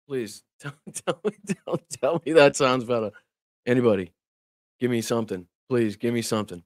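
This man hosts a casual political livestream, speaking directly to his chat, laughing often and cursing when irritated. His medium-pitched voice moves at a moderate pace, recorded in clean studio sound with no echo.

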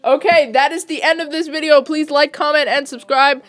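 A teenage girl hosting a casual racing-game video, chattering excitedly and shrieking at wins and crashes. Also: high-pitched, moderate pace. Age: teens. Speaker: gamer host. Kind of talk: casual gameplay commentary.

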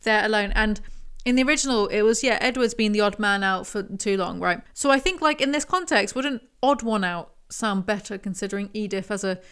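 A woman's voice: medium pitch, fairly quick, fairly bright tone, clean tone. A woman reviewing a book in casual commentary, making chatty, sarcastic asides between excerpts she reads.

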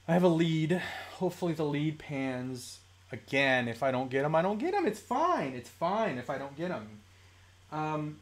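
Chatty toy-collecting live-stream host. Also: medium pitch. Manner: chatty, mildly profane, laughs often. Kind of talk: casual live-stream chat. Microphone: desk microphone.

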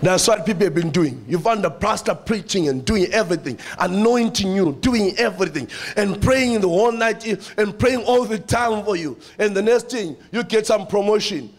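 A man preaching a sermon in church with a South African accent, animated, repeating phrases and calling out to the congregation. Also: sits high, moderate pace, few pauses.

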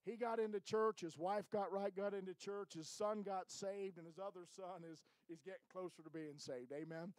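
A man's voice: high voice, steady tone, normal speed, few pauses, a little mellow, dry recording, low-quality recording. A middle-aged man, a missionary church planter, giving a folksy, informal report to a church and often tagging his lines with "amen?".

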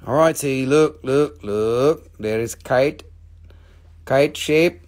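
A man's voice: medium pitch, takes it slowly, a little mellow. A man hosting a live stream, selling crystals and stones in a casual, joking, chatty way, sometimes swearing. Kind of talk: casual live sales chat.

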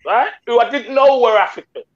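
A man's voice: very high voice, brisk, muffled recording. A man co-hosting a casual chat and telling a comic story. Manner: storytelling, does silly voices. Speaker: co-host.

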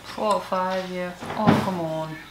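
A woman's voice: lowish voice, steady tone, unhurried. A woman co-hosting a family channel, trading dry, sarcastic banter in casual chat. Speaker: co-host. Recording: echoey room with clear background noise.

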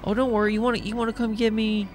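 A man giving excitable gameplay commentary, full of taunting trash talk aimed at the monsters he is fighting. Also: high voice, racing, soft background music. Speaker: gaming YouTuber.

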